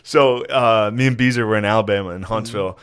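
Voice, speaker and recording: A man's voice: fairly low pitch, fast talker, a bit bright, clean tone. A man co-hosting a comedy podcast, telling casual comic stories full of swearing and breaking into laughter. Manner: profane, laughs through his stories.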